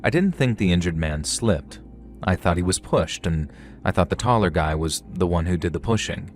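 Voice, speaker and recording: Deep-voiced man narrating horror stories. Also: lively intonation, moderate pace, faint music behind. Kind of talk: scripted horror story narration.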